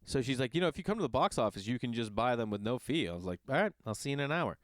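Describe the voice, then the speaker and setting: A man who is a father, hosting a podcast and telling a long casual story in an animated, exasperated and profane way. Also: medium pitch, very fast, no room sound. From Los Angeles area. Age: adult with children. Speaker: podcast host.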